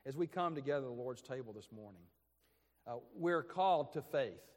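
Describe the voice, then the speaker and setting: A man's voice: mid-range voice, expressive, a little fast. A male pastor delivering an earnest, emphatic sermon during a morning service. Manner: earnest, emphatic preaching with repetitions. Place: church sanctuary. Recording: long reverb of a church hall.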